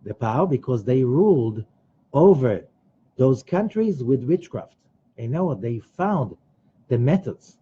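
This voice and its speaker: A man teaching a Kabbalah study class in an animated way, acting out quoted voices. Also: measured pace, slightly rough, dull audio. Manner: animated, rising to emphatic high bursts; acts out quoted voices of other people. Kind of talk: religious study lecture.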